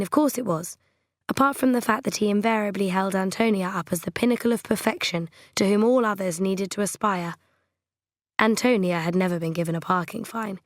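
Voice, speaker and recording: A woman narrates a novel in a measured, gently wry way. Her voice sits at a middle pitch. The recording is dry, with no room sound. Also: dry recording. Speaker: audiobook narrator. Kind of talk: scripted narration.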